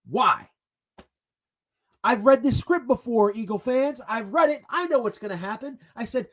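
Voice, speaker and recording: A man ranting angrily as a football fan, swearing and bursting into shouts between sarcastic retellings. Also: very high-pitched, lively intonation, normal speed. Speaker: sports vlogger. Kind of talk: angry fan rant.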